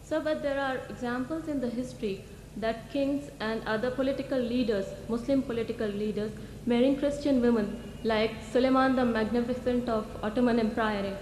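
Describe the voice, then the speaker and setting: A woman's voice: on the high side, normal speed, darkish tone. A woman from the audience politely putting a formal question to the lecturer, calling him sir. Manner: polite, addresses speaker as sir. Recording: echoey hall with faint noise.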